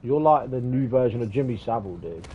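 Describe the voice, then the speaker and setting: Lad on a live game stream, all over the place pitch-wise, cussing and ranting at his mate. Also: animated, a little fast, lo-fi sound, a little hiss or hum. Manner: loud, swearing, mock-outraged teasing. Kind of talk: live gaming stream banter.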